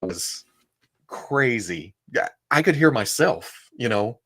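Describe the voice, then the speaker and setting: A man with a Southern US accent talks casually and rambles through his stories, laughing along the way. His pitch sits in an ordinary middle range. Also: big pitch swings, unhurried, creaky, a bit bright, breathy edge. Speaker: toy content creator and podcast guest. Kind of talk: casual chat.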